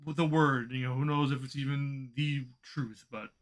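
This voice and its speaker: A man co-hosting a casual wrestling podcast, talking in an animated way and swearing as he vents. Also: medium pitch, moderate pace. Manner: animated, swearing, venting frustration. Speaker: podcast co-host.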